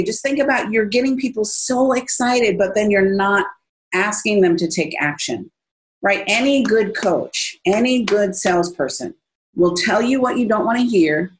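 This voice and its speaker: A woman on a podcast giving energetic sales advice and acting out quotes as she tells stories. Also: mid-range voice, low-quality recording. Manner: energetic, animated storytelling with acted-out quotes. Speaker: business speaker and author. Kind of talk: casual podcast interview.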